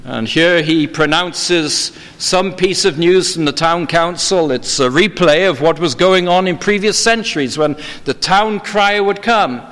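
A man preaching a sermon in a measured, formal way, slowing down for emphasis. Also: a little high, fairly bright tone. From England. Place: church. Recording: long hall reverb.

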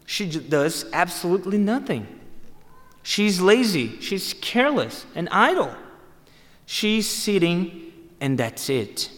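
Male preacher, emphatic and repetitive, somewhat high-pitched, reverberant hall. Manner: emphatic, repeats phrases for stress. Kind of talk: sermon.

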